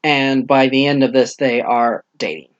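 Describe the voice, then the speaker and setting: A young man rambling through a casual book review, retelling the plot with lively acted-out quotes. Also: mid-range voice, moderate pace, clear, resonant tone, dry recording, muffled recording.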